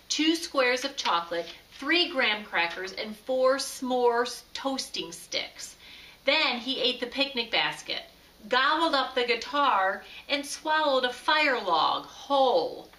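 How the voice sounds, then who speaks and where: A woman reading a children's story aloud in a slow, expressive way, recorded from a distance in an echoey room. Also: on the high side. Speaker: storybook reader. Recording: echoey room, far from mic.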